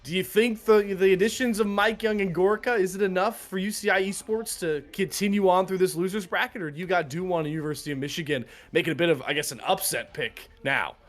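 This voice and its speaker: A man's voice: sits high, fast talker, few pauses, faint music behind. Upbeat male esports desk host. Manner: upbeat, hands off to casters. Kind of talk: live esports desk talk.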